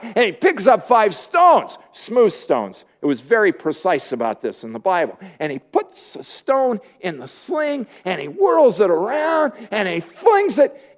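A man preaching a sermon, retelling a Bible story playfully and joking with his congregation. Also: high voice.

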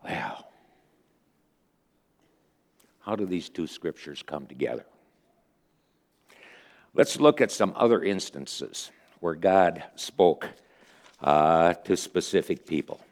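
A man giving a conversational sermon, retelling stories earnestly with pauses as he thinks. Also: sits low, animated, a little mellow. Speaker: preacher.

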